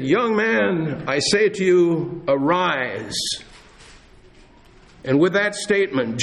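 A pastor preaching a sermon in church, earnest, slowing down and pausing for emphasis. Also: male voice, on the high side. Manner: earnest preaching with dramatic pauses and slowed emphasis.

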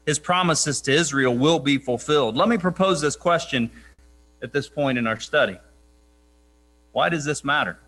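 A man preaching a sermon in a somewhat high voice. He is earnest and emphatic, slowing down to press key points and quoting scripture with weight. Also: a bit bright.

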